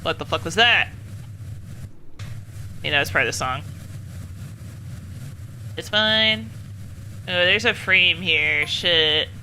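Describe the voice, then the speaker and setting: A young woman streaming a game, chatting casually and swearing at it out loud. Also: fairly low pitch, slow, long pauses, slight background noise. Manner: swears often, scolds the game aloud. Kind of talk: casual gameplay commentary.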